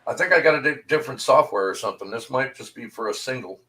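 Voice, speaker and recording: A man hosting a casual stream, halting and fumbling between tries at his gear. He speaks at an ordinary pitch. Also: lively intonation, bright, forceful tone, slight background noise. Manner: hesitant, troubleshooting, fumbling. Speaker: livestream host. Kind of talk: casual chat.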